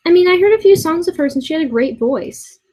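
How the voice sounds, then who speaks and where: A woman's voice: extremely high pitch, animated, warm tone, low-quality recording. A woman in her twenties ranting in a commentary video, exasperated and swearing, stumbling over restarts, at her boyfriend's house. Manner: exasperated, halting with many restarts, swears often. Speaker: vlogger.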